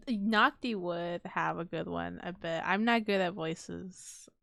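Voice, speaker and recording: A woman's voice: fairly low pitch, gravelly, fairly bright tone, no room sound, studio quality. A woman streamer chatting casually on a live stream, rambling, giggling often and swearing offhandedly. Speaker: VTuber streamer.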